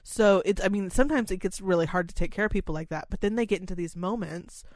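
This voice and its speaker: A young woman talks loosely about her work in memory care, rambling from one thought to the next and swearing without a second thought. Her voice sits in a middle pitch and is recorded close and dry. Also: quick pace, no echo. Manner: rambling, candid, swears freely. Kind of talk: casual podcast chat.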